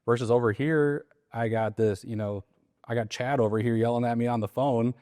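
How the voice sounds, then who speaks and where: A man coaching on sales calls in a casual interview, animated and acting out softer and louder phone voices. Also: medium pitch, normal speed, no echo, studio quality. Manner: animated, acts out soft and loud sales calls. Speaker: sales trainer.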